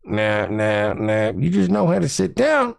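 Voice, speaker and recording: A man's voice: mid-range voice, sing-song, measured pace, vocal fry, no room sound, voice pushed up, exaggerated voice. A man voicing a grumpy old man who lectures young people in a preachy, scolding way.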